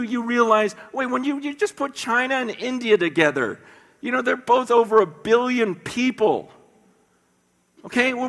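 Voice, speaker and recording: A middle-aged American man preaches, his high, bright voice ringing through a church hall with a long echo. He tells stories animatedly, often stumbling over repeated words. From United States. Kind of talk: sermon storytelling. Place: church sanctuary.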